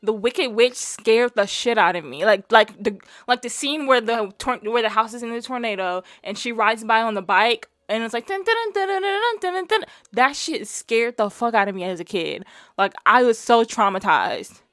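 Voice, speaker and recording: A woman's voice: on the high side, moderate pace, fairly bright tone, no room sound, studio quality. Chatty young woman hosting a reaction vlog. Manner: chatty and slangy, rambling with lots of "like". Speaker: reaction channel host. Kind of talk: casual reaction vlog chat.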